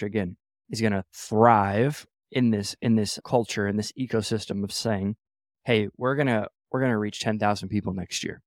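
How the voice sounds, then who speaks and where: A man's voice: lowish voice, no room sound. Man, church leadership podcast host, emphatic motivational talk, repeats himself, dry close sound. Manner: emphatic, repeats phrases, fast self-corrections. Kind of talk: energetic motivational teaching.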